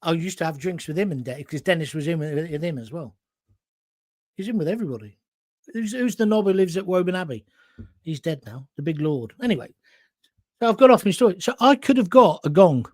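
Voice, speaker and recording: A middle-aged man tells a long, rambling anecdote, cursing freely and wandering off into asides. His voice sits high and swings widely in pitch. The sound is close and dry. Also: expressive, fairly quick, no echo. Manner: swearing, rambling with restarts and asides. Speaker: host. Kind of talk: casual storytelling monologue.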